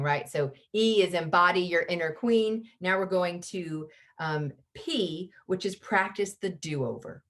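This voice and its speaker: A middle-aged woman coaching parents over a video call, teaching lively and acting out the lines a parent might say. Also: low-pitched. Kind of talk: online parenting workshop.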